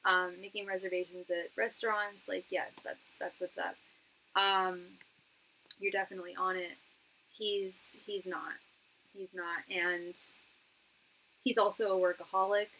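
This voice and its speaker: Woman doing a live tarot reading, chatty and slangy, calls everyone girl, average pitch. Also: flat delivery, unhurried, long pauses, bright, forceful tone, a little hiss or hum, low-quality recording. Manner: thanks viewers for donations. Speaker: tarot reader and psychic medium.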